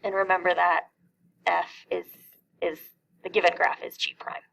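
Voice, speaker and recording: A woman's voice: lowish voice, very animated, moderate pace, creaky, fairly bright tone, slight background noise, low-quality recording. A middle-aged woman teaching a calculus lesson, explaining each step and asking questions that she then answers herself. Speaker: math teacher.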